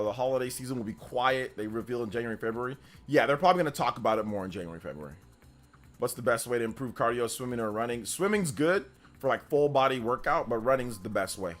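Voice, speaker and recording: A man hosting a casual gaming news livestream, chatting freely, reading out viewer questions and telling animated stories with frequent laughter. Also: medium pitch. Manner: animated storyteller, laughs often, answers chat questions.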